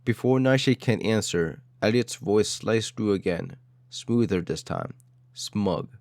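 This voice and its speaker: Low-voiced man narrating a dramatic story. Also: a little slow, darkish tone, dry recording. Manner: dramatic, clipped phrases.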